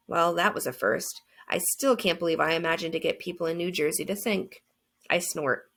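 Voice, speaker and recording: A woman narrates an audiobook in the first person, earnest and reflective. Her voice sits low with a gravelly fry. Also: normal speed, a bit bright.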